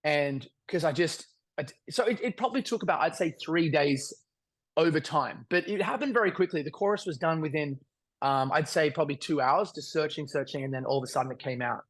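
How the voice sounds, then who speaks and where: Earnest Australian man, higher voice. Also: fairly quick. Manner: rambling, earnest, full of fillers and restarts. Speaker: singer-songwriter guest. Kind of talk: casual interview chat.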